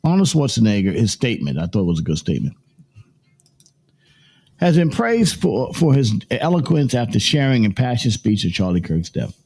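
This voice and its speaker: A man's voice: medium pitch, big pitch swings, normal speed, a little mellow, slightly rough. A man hosting a morning livestream show, talking in a rambling, casual way and repeating himself as he works through his points.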